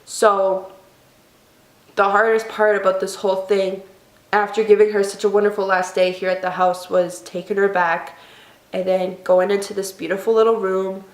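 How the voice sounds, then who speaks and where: A young woman talks straight to her camera in a personal vlog, her voice emotional and tearful, often soft and halting. Her voice sits at a middle pitch. The room around her is echoey. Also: little pitch movement. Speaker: vlogger.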